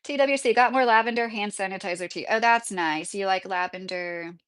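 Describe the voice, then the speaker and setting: A woman's voice: mid-range voice, brisk, a bit bright, clear, resonant tone. A woman in her thirties talks casually on her own livestream. She reads viewer comments aloud, rambles, and laughs often as she goes. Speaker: YouTube livestream host.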